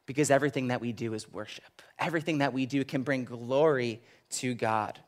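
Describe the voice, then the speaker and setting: A man's voice: medium pitch, brisk. Conversational man preaching a sermon. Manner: conversational preaching, often asks "right?". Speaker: preacher and school teacher.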